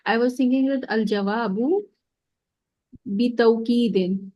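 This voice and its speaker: A woman's voice: fairly high pitch, measured pace, warm tone, no room sound. A woman student asking questions in class, hesitant and thinking aloud as she goes.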